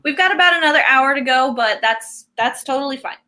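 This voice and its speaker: Bright-voiced woman hosting a video chat. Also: high-pitched, fairly quick. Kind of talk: casual group video chat. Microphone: video call.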